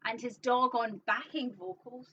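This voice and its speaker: A woman's voice: on the high side, measured pace, pushed and bright. A woman co-hosting a live show, chatting casually and rambling with fillers. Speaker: co-host of a live online show. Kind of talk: casual chat. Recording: distant, dull, faintly noisy.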